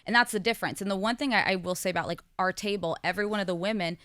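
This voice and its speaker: Articulate woman, clear close voice. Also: mid-range voice, fairly bright tone, dry recording. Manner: candid and quick, with frequent laughs and fillers. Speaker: co-host and guest. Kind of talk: casual podcast conversation.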